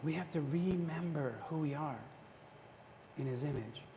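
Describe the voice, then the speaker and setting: A man's voice: a little high, moderate pace. Man, retreat speaker, preaching talk, quizzes the crowd, long church reverb, faint hiss. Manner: engaging, quizzes the audience, frequent restarts. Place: church hall. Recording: long hall reverb, faint background noise.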